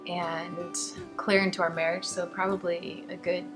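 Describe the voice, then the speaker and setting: A middle-aged woman earnestly telling her personal faith testimony, emotional at times and laughing softly between thoughts. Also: lowish voice, little pitch movement, normal speed. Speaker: guest sharing a faith testimony. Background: background music.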